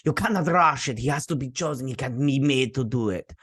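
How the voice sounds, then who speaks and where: A man's voice: medium pitch, lively intonation, brisk, a bit bright, husky, dry recording. A solemn, mystical woman intones in an exaggerated foreign-sounding accent, as a man puts her on mid-recap. The delivery is a playful send-up rather than a serious performance. The sound is dry and close, with no room around it. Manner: mock-solemn, jokey put-on accent.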